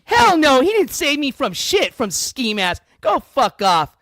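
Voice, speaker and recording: A man's voice: extremely high pitch, big pitch swings, unhurried, a bit bright, no room sound, studio quality. A man hosting a livestream news show, ranting in an angry, profane, combative way.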